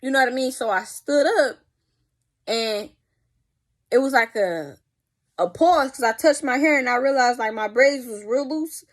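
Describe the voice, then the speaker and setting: A young woman telling a story in a casual vlog, animated and profane, with spoken sound effects. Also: on the high side, moderate pace, long pauses. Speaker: vlogger.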